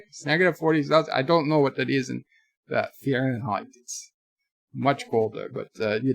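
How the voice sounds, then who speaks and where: A man's voice: mid-range voice, steady tone, moderate pace, gravelly, fairly bright tone, dry recording, clean studio sound. A man hosting a livestream, reading viewer chats aloud in a chatty, mocking way. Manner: chatty, mocking, slips into joke accents. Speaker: livestream host.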